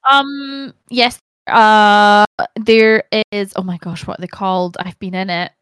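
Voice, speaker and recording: A young woman with a Scottish accent, chatting as a guest on a podcast. She tells lively stories and swears now and then. Her voice is recorded dry, with no room echo. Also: mid-range voice, slow pace, smooth. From Scotland. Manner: animated storyteller, swears casually. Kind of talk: casual chat.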